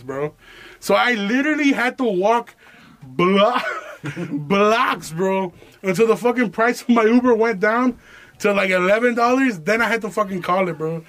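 A young man with a fairly high voice hosts a podcast. He tells a story in casual, profane slang and breaks into laughs. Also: animated, moderate pace, a bit bright. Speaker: podcast host.

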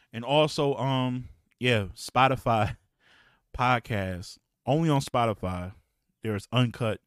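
A man's voice: mid-range voice, dry recording, clean studio sound. Profane, rambling man host. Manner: loose, profane, slangy and rambling. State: clearing his throat, slight cough. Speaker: podcast host and battle rap league promoter. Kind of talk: casual podcast talk.

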